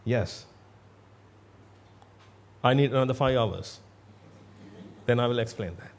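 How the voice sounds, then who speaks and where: A man's voice: medium pitch, slow. A man giving a Buddhist sermon in a blunt, emphatic way, repeating himself for stress. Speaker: Buddhist monk.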